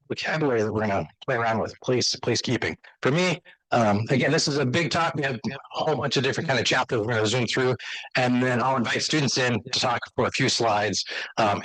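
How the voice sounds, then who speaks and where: A man giving an enthusiastic, conversational slide lecture to an audience as a university teacher. He talks in a loose, halting way with many restarts. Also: mid-range voice, fairly bright tone, no room sound, poor audio.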